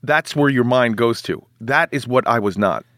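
Male actor guest, 40s, middle pitch, rambling and self-deprecating, close dry studio mic. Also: expressive, moderate pace, a bit bright, dry recording. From United States. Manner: rambling, self-mocking, many restarts. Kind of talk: casual podcast interview.

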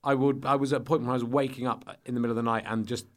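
A man, a comedian guesting on a podcast, talking in a rambling, self-interrupting, animated way. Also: mid-range voice, racing. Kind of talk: casual podcast chat.

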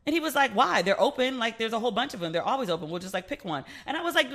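A woman's voice: mid-range voice, fast talker, hardly any pauses. A woman hosting her own podcast, chatting casually and frankly, swearing freely and acting out back-and-forth conversations as she tells stories. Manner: frank, profane, animated storytelling with quoted back-and-forth. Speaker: podcast host. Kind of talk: casual solo podcast chat.

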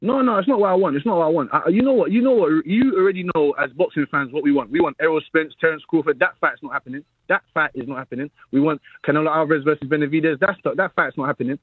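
A man with a South London accent calling in to a boxing talk show, talking fast and insistently and repeating himself. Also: fairly high pitch, husky, no room sound. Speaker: caller. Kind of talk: call-in boxing debate. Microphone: phone call. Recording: tinny phone line.

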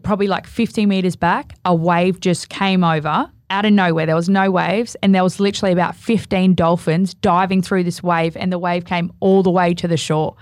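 A woman, a podcast guest, talking candidly in casual conversation with animated storytelling. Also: lowish voice, a little fast, few pauses, dry recording.

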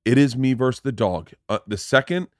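Animated, swearing man hosting a chat. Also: brisk, dry recording, studio quality. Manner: profane, animated storyteller, rising pitch in rants. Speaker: podcast host. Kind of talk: casual chat.

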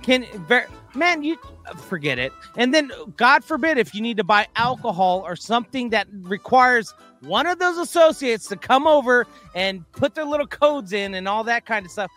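A podcast co-host, this man talks in a high register and rambles through news items in casual chat. He easily winds himself up into a rant. His tone is bright and cutting. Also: lively intonation, moderate pace, few pauses, faint music behind. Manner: rambling, gets worked up and ranty.

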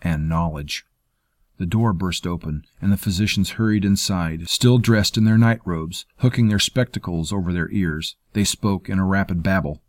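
Man, narrator, measured storytelling, deep, dry close mic. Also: dry recording. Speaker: audiobook narrator. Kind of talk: scripted narration.

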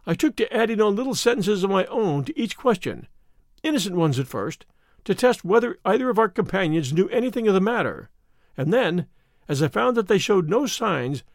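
A man narrates a classic detective tale with measured drama. His voice sits high and moves a lot, recorded dry and close to the mic. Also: dry recording. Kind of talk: classic story reading.

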